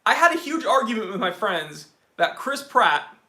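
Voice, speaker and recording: A high, bright male voice reads out chat comments and riffs on them with joking enthusiasm, calling viewers bro. His sharp voice bounces around a roomy, echoey space. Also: very animated, moderate pace. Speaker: watch channel host. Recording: roomy echo.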